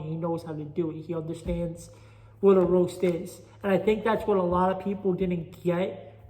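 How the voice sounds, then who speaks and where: A casual solo podcast monologue comes from a host and amateur stand-up comic with a New York Italian accent and a high, slightly mellow voice. He rambles restlessly and is self-deprecating about his stand-up, all recorded on a phone in an echoey chamber reverb.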